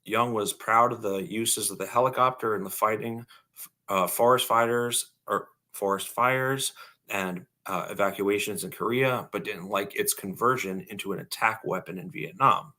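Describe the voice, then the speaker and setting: A man with a bright, forceful, fairly low voice co-hosts a casual podcast. He reads aloud from a book and stops often for ums, uhs and restarts. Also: moderate pace. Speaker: podcast co-host. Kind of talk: casual podcast reading and discussion.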